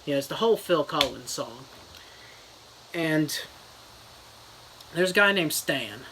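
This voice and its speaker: A man's voice: a little high, expressive, a little slow, bright, forceful tone, slight background noise, low-quality recording. A man giving a crude joking fake book review, rambling with lots of "you know" and "uh".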